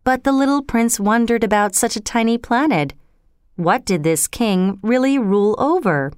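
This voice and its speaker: A woman reading a storybook aloud in a slow, expressive way. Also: a little high, smooth, dry recording, studio quality.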